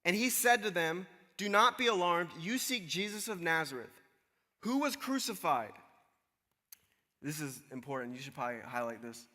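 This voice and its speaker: A male pastor preaching in a casual, storytelling way, slipping into the voices of the people he describes. His voice is high and very bright. A long hall reverb hangs on every phrase. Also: animated, moderate pace. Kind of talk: sermon.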